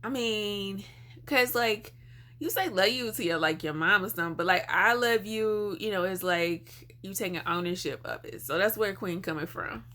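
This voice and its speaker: A woman's voice: medium pitch, normal speed, bright, forceful tone. A woman hosting a reaction video, chatting in a laid-back way with lots of fillers. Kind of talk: casual reaction commentary.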